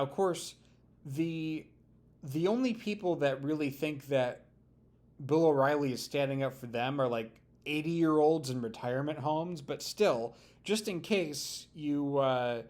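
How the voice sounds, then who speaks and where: A man's voice: medium pitch, darkish tone. A man reacting to a news clip, ranting heatedly and sarcastically with mocking impressions. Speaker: political commentary vlogger. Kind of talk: reaction commentary.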